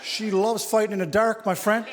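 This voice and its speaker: A man from Newfoundland, Canada, doing animated stand-up comedy on a theater stage and talking straight to the crowd through a handheld mic. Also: sits high, moderate pace. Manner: animated storytelling, addressing the crowd. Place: theater stage before a live audience. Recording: theater reverb, audience noise.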